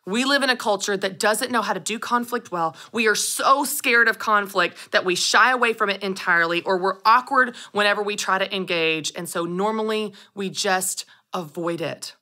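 A woman in her thirties hosting a solo podcast, telling personal stories with animated delivery and acting out quoted lines. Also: medium pitch, moderate pace, few pauses. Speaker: podcast host. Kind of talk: scripted solo podcast monologue.

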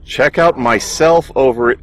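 A young man commentating his own horror game playthrough in a casual, animated way, cursing and laughing at his mistakes, with allergies that make him clear his throat. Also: mid-range voice, a little slow, heavy background noise. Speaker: gaming streamer. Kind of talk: casual let's play commentary.

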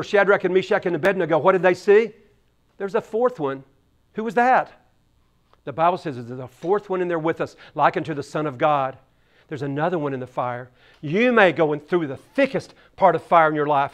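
A male pastor giving a conversational sermon, telling stories and often repeating words. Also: sits high.

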